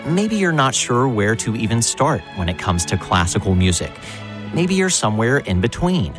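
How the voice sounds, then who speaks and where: A man reading a promotional radio announcement in an inviting, expressive way. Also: medium pitch, moderate pace, music in the background.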